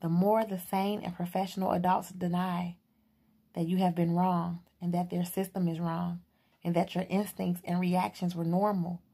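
A woman reading the part of a calm, intense young man who questions a girl in steady, even tones. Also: fairly low pitch, gravelly, breathy edge.

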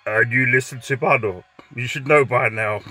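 A man voicing his calm, dismissive father, who talks low and matter-of-fact. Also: normal speed.

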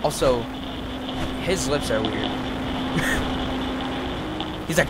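Frantic young man gaming, loud hiss behind. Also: medium pitch, extremely slow, pauses often. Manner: frantic, repeats "no" over and over, sudden yelps. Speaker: gamer. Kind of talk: let's play commentary. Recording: loud steady background noise.

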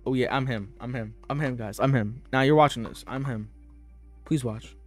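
A man's voice: mid-range voice, moderate pace, soft background music. A young man giving casual gameplay commentary in a boastful, playful, hyped-up way, repeating himself for fun. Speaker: gaming YouTuber.

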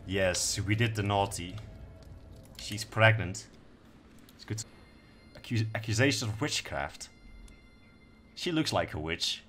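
A man's voice: fairly low pitch, slow pace, pauses often, a bit bright, faint music behind. A young man doing casual let's-play commentary, laid-back, swearing now and then and reading game text aloud. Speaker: gaming streamer.

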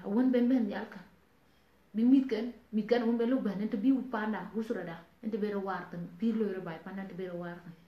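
South sudanese woman pleading w her viewers, mixes languages, kinda echoey dull recording. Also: fairly high pitch. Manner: earnest, pleading, mixing languages. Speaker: online talk host. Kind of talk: casual live-stream talk. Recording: roomy, dull lo-fi sound.

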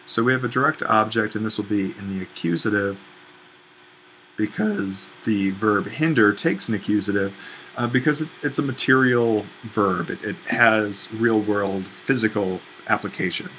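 A man's voice: on the low side, normal speed, a bit bright, slight background noise, rough recording. A man teaching a language lesson, walking through an exercise step by step while thinking aloud, with fillers and self-corrections. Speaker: Greek teacher.

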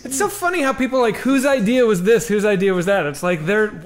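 A man co-hosting a casual comedy stream, telling a story with quick impressions. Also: high voice. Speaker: comedy group member, stream co-host. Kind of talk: casual chat, anecdote telling.

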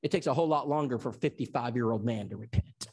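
A man's voice: mid-range voice, quick pace, vocal fry, darkish tone, husky. A man from Tennessee who teaches an evangelism seminar. He preaches in an emphatic storytelling style and acts out the dialogue. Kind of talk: sermon.

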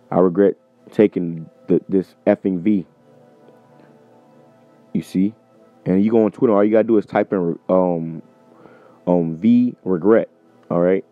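A man's voice: lowish voice, dry recording. A man preaching informally between scripture readings, emphatic and profane, often ending phrases with "man". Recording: tinny phone-like sound with faint music.

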